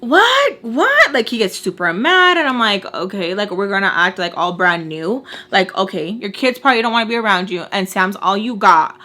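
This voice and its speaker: A woman vlogger recounts a story in casual, animated chat. She is blunt, swears freely and mixes Spanish words into her English. Her voice is bright and sharp. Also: mid-range voice, a little fast, hardly any pauses.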